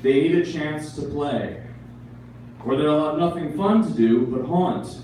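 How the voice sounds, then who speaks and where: A man's voice: a little high, measured pace, warm tone, a little hiss or hum. A man reading his poems at a live event, wry, with joking asides. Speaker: poet. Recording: echoey room, mic far off.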